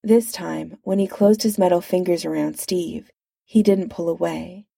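A woman reads a story aloud in a slow, even manner. Her voice is low, mellow and gravelly. The recording is close and dry. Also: no room sound. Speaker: narrator. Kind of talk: reading fan fiction aloud.

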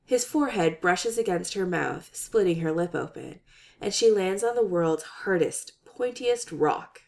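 A woman reading a comic story aloud with expressive, animated narration. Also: on the low side, a little slow, creaky. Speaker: story reader. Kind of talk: reading fan fiction aloud.

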